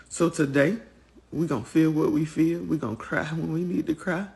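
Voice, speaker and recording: A woman's voice: sits low, steady tone, moderate pace, vocal fry, a little mellow. A woman giving a rallying, defiant pep talk to her viewers in rhythmic, repeated phrases. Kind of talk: motivational address to viewers.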